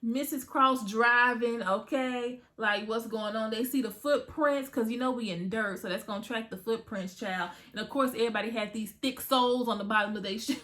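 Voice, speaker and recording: A woman giving a casual spoken movie review to her viewers, retelling scenes in an animated way with frequent asides. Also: on the high side, moderate pace, hardly any pauses, slight background noise.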